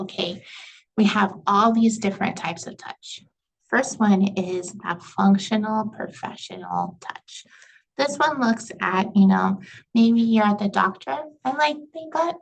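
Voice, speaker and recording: A woman's voice: mid-range voice, gravelly, a little hiss or hum, poor audio. A woman instructor giving a recorded lecture in a casual, conversational way, with lots of "you know" and "right".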